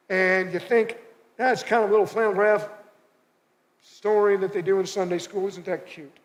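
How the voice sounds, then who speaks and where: High-voiced male pastor in a reverberant hall. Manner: conversational, emphatic repetition of short phrases. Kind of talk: sermon. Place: church auditorium. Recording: long reverb of a church hall.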